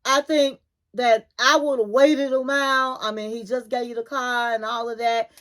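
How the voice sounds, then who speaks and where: A woman's voice: on the high side, fairly bright tone. A woman hosting her own channel, recapping reality TV in a chatty, folksy storytelling way. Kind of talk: casual gossip recap.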